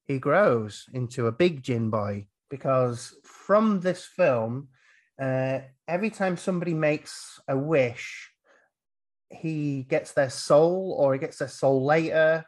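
A man's voice: medium pitch, lively intonation, slow pace. A male podcast host recapping a film in casual chat, rambling with fillers and acting out quotes.

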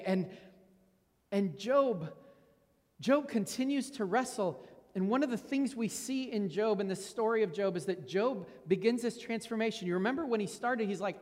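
High-voiced man preaching in an echoing hall. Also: lively intonation, normal speed, a little mellow. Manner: earnest, reflective, repeats words when stressing a point. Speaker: pastor. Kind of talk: sermon.

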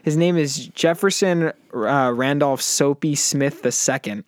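A young man with a slightly high voice co-hosts a casual chat recorded in an apartment. He tells stories with energy and drops into put-on voices when he retells scenes. The sound is dry and close, with almost no room echo. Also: a little slow. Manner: animated storyteller, mimics voices in retellings. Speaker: podcast co-host.

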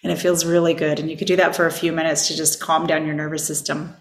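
A woman hosting a self-help podcast, speaking in a gentle, reflective and soothing way. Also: sits low, flat delivery, fast talker, echoey room. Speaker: podcast host and coach. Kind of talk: personal self-help talk.

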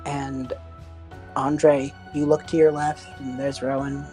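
A woman narrating a tabletop game as game master, animated and swearing as she tells the story. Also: very deep voice, takes it slowly, soft background music, rough recording.

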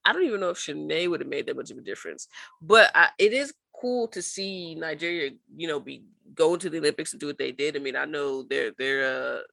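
A woman's voice: deep voice, animated, a little fast, gravelly, bright, forceful tone, no room sound. A young woman co-hosting a sports podcast, chatting casually and rambling with playful laughs. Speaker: podcast co-host.

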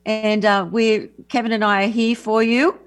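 A woman's voice: a little high, level tone, moderate pace. A woman guest on a radio talk show, talking enthusiastically about her music and teachers, often restarting her sentences. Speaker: guest, affirmation music artist. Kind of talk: casual radio interview.

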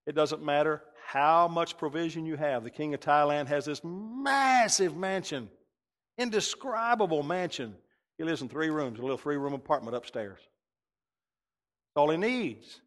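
A man, a pastor telling a story in a sermon and acting out the dialogue with lively shifts of voice. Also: fairly high pitch, a little slow. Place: church sanctuary. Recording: long reverb of a church hall.

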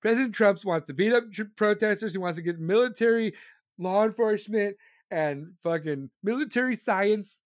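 A man putting on the voice of a shrill, outraged political reader, high and breathless in mockery. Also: moderate pace, dry recording, clean studio sound, close to an everyday voice.

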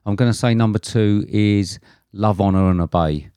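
A man with a very low, dark voice chats casually as a podcast co-host. He talks in a relaxed, meandering way, full of fillers and restarts. The recording is dry and close. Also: moderate pace, clean tone, no room sound. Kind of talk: casual chat.

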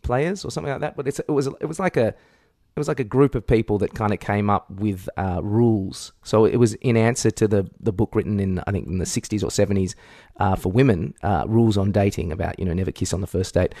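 Halting low-voiced man, dry sound. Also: warm tone, no echo. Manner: halting, many restarts and fillers, chuckles. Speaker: podcast co-host. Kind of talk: casual chat.

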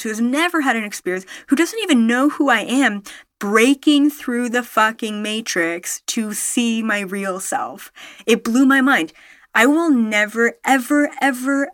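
A woman's voice: on the high side, no room sound, clean studio sound. A woman telling a personal story to her viewers, rambling and emphatic, full of fillers and self-corrections, with the odd swear word. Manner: swearing, animated when excited. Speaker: spiritual storyteller vlogger. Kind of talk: casual personal storytelling to camera.

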